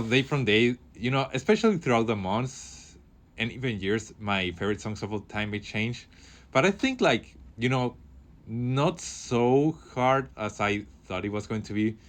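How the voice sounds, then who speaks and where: Rambling low-voiced male radio host. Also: a bit bright. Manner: rambling, halting, many fillers and restarts. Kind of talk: casual solo radio talk. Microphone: studio microphone.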